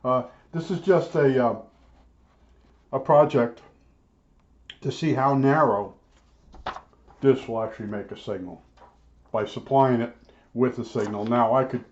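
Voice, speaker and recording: A middle-aged man in casual rambling talk, halting with many fillers and restarts. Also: mid-range voice, a little mellow, a little hiss or hum. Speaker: hobbyist vlogger. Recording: dull lo-fi sound.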